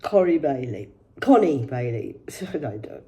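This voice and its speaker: Low mellow woman reading out news on her vlog, rambly and sweary, lots of mocking side comments. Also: expressive, normal speed.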